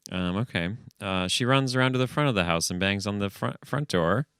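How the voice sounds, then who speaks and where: A man's voice: fairly low pitch, brisk, a bit bright, clear, resonant tone, dry recording, studio quality. A man co-hosting a comedy podcast, chatting casually and stumbling over his words as he loses his place. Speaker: podcast co-host. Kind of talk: casual comic banter. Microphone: studio podcast mic.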